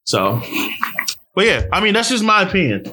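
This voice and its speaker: A man's voice: high voice, very animated, normal speed, background noise. A man talking casually and profanely on a remote video call, ranting in an exasperated way through an earbud mic from home. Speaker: podcast co-host. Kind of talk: casual chat. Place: at home, indoors.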